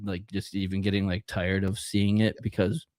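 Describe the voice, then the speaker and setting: Rambling young man, low voice. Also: flat delivery, moderate pace, a little mellow, dry recording. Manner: rambling, acts out quotes in funny voices. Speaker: podcast co-host. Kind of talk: casual chat.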